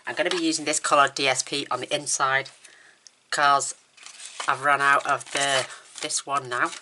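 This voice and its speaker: A woman's voice: very deep voice, background noise. A woman demonstrating a papercraft card in a chatty, enthusiastic, rambling way, with her mouth numb from the dentist. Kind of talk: casual crafting tutorial.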